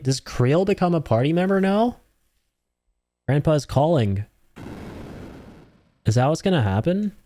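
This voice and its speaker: Excitable profane gaming streamer man. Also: medium pitch, no room sound. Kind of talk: casual gaming stream commentary.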